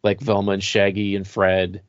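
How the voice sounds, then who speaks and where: A man's voice: on the low side, normal speed, clean tone, no room sound, muffled recording. A man co-hosting a podcast, chatting casually and rambling with lots of filler words. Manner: relaxed, rambling with many "like" fillers. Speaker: podcast co-host. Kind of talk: casual chat about horror toys.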